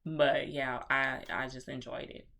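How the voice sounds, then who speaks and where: A woman with a notably low voice retells a film in a loose, chatty vlog review. She talks animatedly, full of slang and the odd swear word, and addresses her viewers directly. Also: level tone, measured pace, fairly bright tone. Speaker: movie reviewer.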